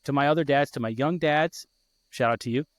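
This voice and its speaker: A man in his thirties, a podcast host, telling an emotional personal story in a heartfelt, halting way full of restarts. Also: fairly high pitch, no room sound.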